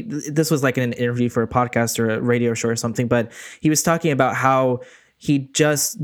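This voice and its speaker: A man's voice: mid-range voice, clean tone. A man co-hosting a casual chat show, telling stories earnestly and laying out his points in order.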